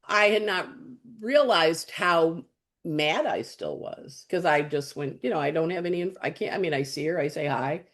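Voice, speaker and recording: A woman's voice: low-pitched, animated, moderate pace. Woman, astrologer guest, casual storytelling, blunt and chatty, swears, acts out quoted dialogue.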